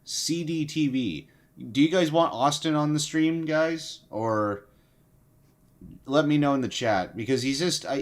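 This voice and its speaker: Profane, rambling young male streamer. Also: mid-range voice. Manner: profane, swears heavily; rambling with frequent restarts. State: sleep-deprived. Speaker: livestream host. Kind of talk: casual livestream commentary.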